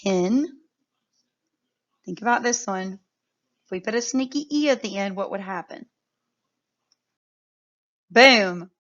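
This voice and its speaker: A woman teaching a phonics lesson to young children, sounding out words clearly and praising often. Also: medium pitch, normal speed, pauses often, lo-fi sound.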